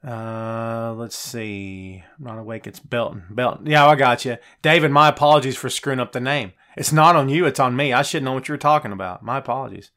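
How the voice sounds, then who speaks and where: A man hosting a casual live wrestling show, greeting viewers by name and giving shout-outs. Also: mid-range voice, fairly quick, hardly any pauses. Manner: reads viewer names and gives shout-outs. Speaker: podcast host. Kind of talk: casual live-stream chat.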